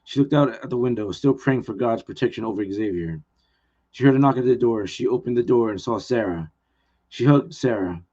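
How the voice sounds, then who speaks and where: A man's voice: medium pitch, a little fast, mellow, lo-fi sound. Earnest man reading his own novel. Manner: plain, earnest reading with small restarts. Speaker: author.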